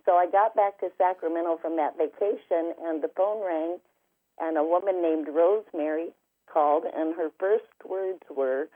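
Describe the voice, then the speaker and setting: A woman's voice: lowish voice, normal speed. A woman, a spiritual healer and author, telling her story as a guest in an interview, vivid and detailed. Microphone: telephone. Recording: tinny phone line.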